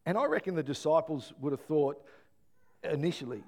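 A middle-aged man, preaching a sermon and telling family stories with animated, acted-out voices. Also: a little high, brisk. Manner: animated storytelling, acts out voices. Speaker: pastor.

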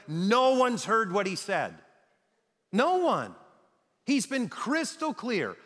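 Male pastor, sermon, lively swinging pitch, slightly high voice, long hall reverb. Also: unhurried, long pauses. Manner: animated, full of rhetorical questions.

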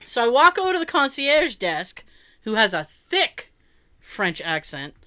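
A woman spins a story on a casual chat podcast, bright-toned and pitched a touch high. She talks in an animated, loose way, swearing freely and laughing often. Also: a little slow, clear, resonant tone.

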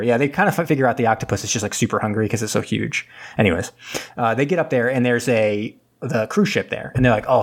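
Rambling man recapping a movie. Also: fairly low pitch. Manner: rambling, filler-heavy, loses his train of thought. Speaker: podcast co-host recapping a movie.

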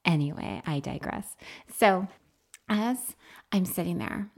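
A woman's voice: fairly low pitch, slow pace, gravelly, slightly rough. A woman co-hosting a podcast, chatting casually with her spouse and telling stories with lots of laughter. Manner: animated, laughing storyteller. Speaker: podcast co-host.

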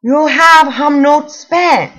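A woman's voice: high-pitched, expressive, a little slow, a bit bright, voice pushed up, heavily acted, low-quality recording. A woman voicing a brusque woman loan officer with a thick accent, speaking in clipped, broken phrases. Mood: curt, insistent.

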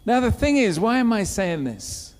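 A man preaching a sermon, telling a story with lively acted-out quotes. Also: high voice, moderate pace. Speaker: pastor. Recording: long hall reverb.

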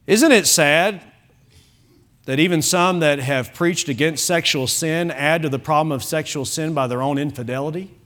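A male pastor preaching an evening sermon, emphatic, with frequent restarts and softer asides. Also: fairly high pitch, normal speed. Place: church service.

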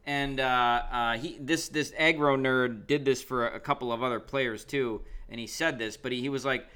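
A man's voice: medium pitch, a little fast, hardly any pauses, pushed and bright, smooth. A man co-hosting a podcast in casual chat, rambling with lots of ums and uhs. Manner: rambling, hesitant with many fillers. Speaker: podcast co-host.

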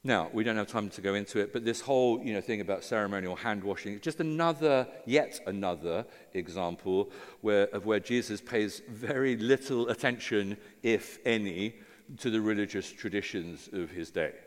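A man's voice: lowish voice, normal speed, long reverb tail. A man preaching a sermon as pastor, in an informal, conversational way with many fillers and restarts.

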